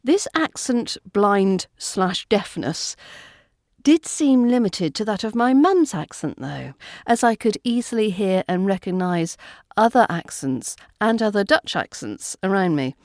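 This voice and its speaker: A woman with a British RP accent delivers a scripted podcast lesson in a clear, measured way. Her voice sits at a middle pitch. It is recorded on a close microphone in a dry room with no echo. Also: sing-song. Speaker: accent coach and podcast host.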